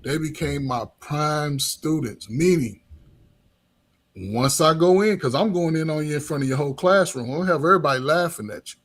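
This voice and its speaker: Husky middle-aged guy rambling casually about coaching, says "man" a lot, keeps restarting. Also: fairly high pitch, animated, normal speed. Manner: loose and talkative, peppered with "man" and restarts. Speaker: coach and former teacher. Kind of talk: casual podcast conversation.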